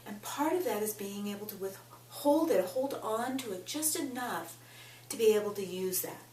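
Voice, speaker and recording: A woman's voice: mid-range voice, lively intonation, moderate pace, a little mellow, recorded from a distance. A woman teaching a self-help lesson, speaking directly to the listener and leading tapping phrases aloud. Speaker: tapping coach. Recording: echoey room, voice a bit off-mic, faint hum.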